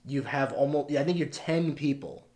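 A man co-hosting a casual film review podcast, talking in a rambling way with many fillers and quick laughs. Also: a little high, darkish tone. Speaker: podcast co-host.

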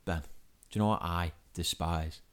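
A man's voice: low-pitched, steady tone, normal speed, clean tone, soft background music. A young man co-hosting a podcast, ranting in exasperation and stumbling over repeated words. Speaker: podcast co-host. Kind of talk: casual comedic rant.

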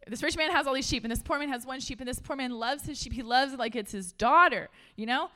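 A woman giving a casual, conversational sermon to a room of listeners. She is chatty and animated, laughs often, and says "like" a lot. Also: high voice, fast talker. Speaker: speaker at a church gathering.

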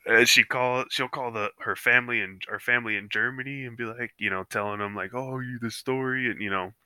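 A man with a very low voice and a strikingly bright, forceful tone, chatting loosely on a podcast. He rambles through stories with plenty of fillers and slips into the voices of the people he quotes. The sound is dry and close. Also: fairly even intonation, fairly quick, smooth, dry recording. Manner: rambling storyteller with many fillers, acts out quotes. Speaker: podcast co-host. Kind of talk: casual chat. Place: living room couch.

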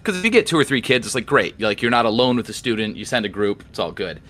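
A young man co-hosting a podcast, telling stories in a casual, animated way and acting out the dialogue. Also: lowish voice, fast. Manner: animated storyteller, acts out dialogue. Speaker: podcast co-host. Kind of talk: casual chat.

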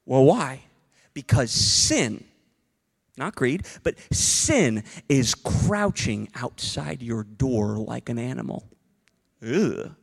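A man in his thirties preaching a sermon as a pastor, animated and acting out little dialogue bits. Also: medium pitch, slow, gravelly, breathy edge.

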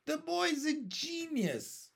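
A man's voice: very high voice, sing-song, slow, vocal fry, a bit bright, voice pushed up, heavily acted. A man voicing a cheeky, boastful male centipede in a storybook, bossy and mocking. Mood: grandly teasing.

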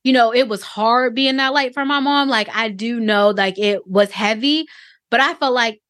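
A woman in her thirties telling a personal story on a podcast, reflective and halting, with many fillers. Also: on the high side, a bit bright, dry recording, clean studio sound.

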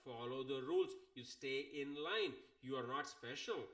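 A man hosts his show and rants about a flight story, swearing freely and sounding exasperated. His voice sits at an ordinary middle pitch, and he keeps the tone loose and conversational. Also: normal speed. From India. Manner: exasperated, profane, animated. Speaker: podcast host. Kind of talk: casual storytelling rant.

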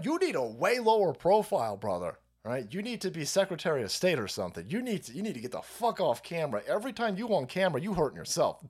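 A man rants through a live political stream. He swears freely and mocks as he goes. His voice sits a little high and swings widely in pitch. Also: husky. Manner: profane, rambling and mocking, often laughing. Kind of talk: ranting live-stream commentary.

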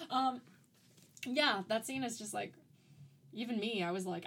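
A woman's voice: a little high, animated, takes it slowly, long pauses, crowd noise. A woman co-hosting a podcast in casual chat, talking loosely with lots of "like" fillers and easy laughs. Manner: chatty, frequent "like" fillers, laughs easily. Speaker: podcast co-host.

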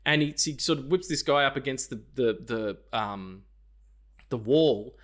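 This podcast co-host keeps a measured pace and a medium pitch as he chats loosely about a film. He brings the story to life by performing lines, cursing freely all the while.

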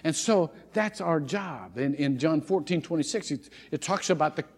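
Fairly high-voiced guy preaching, lots of restarts, echo from a big church hall. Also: moderate pace, breathy edge. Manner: animated storytelling with frequent restarts. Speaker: pastor. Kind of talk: sermon. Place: church sanctuary. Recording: long hall reverb.

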